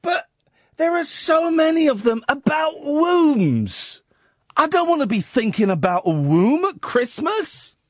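A male radio host works through a comic monologue, incredulous and mock-outraged, humming snatches of tunes along the way. His voice leaps about wildly in pitch while he takes his time over the words. The studio sound is dry and close. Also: big pitch swings, takes it slowly, no echo. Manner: sings and hums snatches of tunes.

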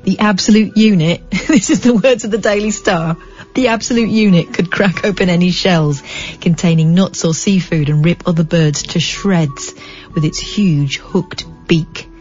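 A woman's voice: lowish voice, normal speed, darkish tone, muffled recording, faint music behind. A woman hosting late-night talk radio, reading news with chatty, wry asides and mock-dramatic emphasis. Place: radio studio. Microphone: studio microphone.

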